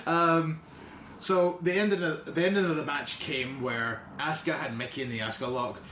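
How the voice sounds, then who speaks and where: A man's voice: fairly high pitch, normal speed, pushed and bright. A man hosting a casual podcast chat, rambling and swearing freely as he retells stories. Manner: rambling, swearing, acts out quotes. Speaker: podcast host. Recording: roomy with faint noise.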